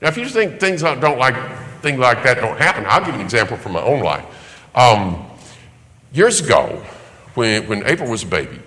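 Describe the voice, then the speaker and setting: A man preaching, telling a personal story with lively acted-out voices and occasional laughter. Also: lowish voice. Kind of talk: sermon storytelling. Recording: long hall reverb.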